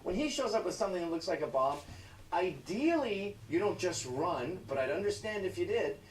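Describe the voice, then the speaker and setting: A man's voice: high voice, very animated, moderate pace. A man delivering a mocking, profane satirical rant. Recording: echoey, distant, faint hiss.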